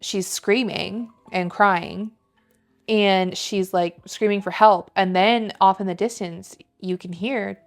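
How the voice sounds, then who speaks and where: A woman's voice: mid-range voice, steady tone, slow pace. A woman co-hosting a podcast, retelling a story in a chatty way, full of "like" fillers and casual swearing. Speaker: podcast co-host.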